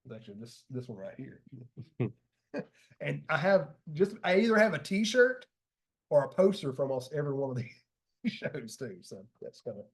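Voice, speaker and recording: A man's voice: fairly high pitch, sing-song, moderate pace, pauses often, breathy edge. A man hosting a casual porch chat, telling concert stories in a laid-back way and laughing often. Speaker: podcast host.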